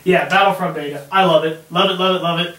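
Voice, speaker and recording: Jokey guy with a high voice on a gaming podcast, far off the mic, faint hiss. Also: steady tone, quick pace, sharp tone. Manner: joking, laughs easily. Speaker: podcast co-host. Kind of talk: casual gaming podcast chat. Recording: echoey room, far from mic, faint noise.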